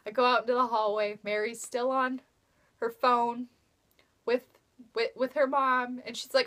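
A woman's voice: fairly high pitch, steady tone, normal speed, a bit bright. A young woman telling a fan story in a casual vlog, giddy and gushing, with breathless squealing outbursts. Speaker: fan vlogger. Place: bedroom at night.

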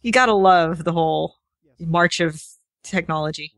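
Joking low-voiced woman podcaster. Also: normal speed, gravelly, no echo, clean studio sound. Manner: joking, laughs a lot. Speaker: podcast co-host. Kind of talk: casual chat about films.

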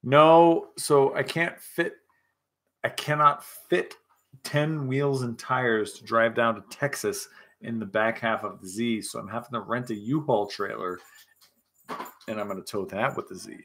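A man's voice: mid-range voice, fairly even intonation, a little slow, a bit bright. A man hosting a casual live chat with viewers, rowdy, joking and profane, a little tipsy. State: tipsy from scotch. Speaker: livestream host.

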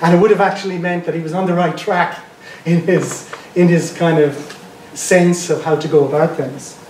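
A man with a South County Dublin accent gives a relaxed public lecture, wandering from point to point and often restarting his sentences. His voice sits a little high for a man. He is picked up from some distance in a reverberant room with a faint hiss underneath. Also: moderate pace. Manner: conversational, digressive, restarts phrases. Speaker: guest lecturer. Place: lecture room in an archive building. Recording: roomy, distant mic, faint background noise.

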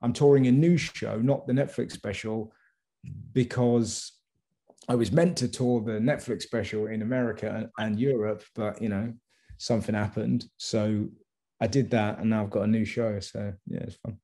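A man from England with an English accent, a comedian chatting casually in an interview and telling rambling, animated stories. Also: on the low side, moderate pace. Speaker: comedian guest.

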